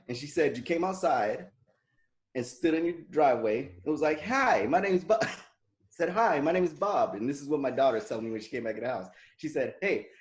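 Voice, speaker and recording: A man in his forties, a podcast co-host telling a story in casual chat, laughing often and acting out what people said. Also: on the high side. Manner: animated, laughing, acts out quoted dialogue. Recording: echoey room.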